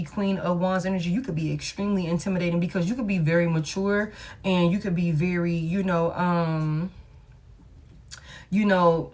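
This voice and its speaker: A woman giving a casual tarot reading in a blunt, repetitive, slangy way, often saying "you know what I'm saying,". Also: lowish voice. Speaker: tarot reader.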